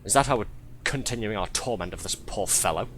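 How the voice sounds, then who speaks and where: A man's voice: fairly low pitch, fairly quick, fairly bright tone, slight background noise. A man giving live gameplay commentary as a streamer, wry and sarcastic, laughing often at his own game.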